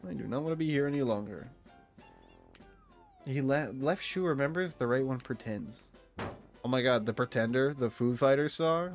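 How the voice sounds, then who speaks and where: Guy streaming a game, cursing a lot, voice jumping all over, goofy and excitable. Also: medium pitch. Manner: profane, excitable, jokey, reads in-game text aloud. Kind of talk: gameplay commentary.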